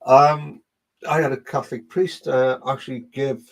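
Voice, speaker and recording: A man's voice: medium pitch, steady tone, moderate pace. Geordie man, spiritual medium, chatty live-stream host, mid-range voice. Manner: chatty, greets viewers by name. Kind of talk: live online reading session.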